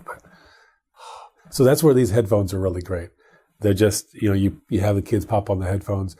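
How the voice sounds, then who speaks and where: A man's voice: lowish voice, moderate pace, long pauses, mellow, husky. A middle-aged man co-hosting a podcast, chatting casually about tech and his family in a rambling way with many restarts. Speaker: podcast co-host.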